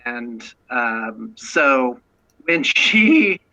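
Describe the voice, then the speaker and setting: A man's voice: medium pitch, big pitch swings, very slow, bright, forceful tone, rough recording. An American man talking as a guest about his painting studio, chatty and self-promoting, often restarting his sentences. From United States. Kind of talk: casual chat.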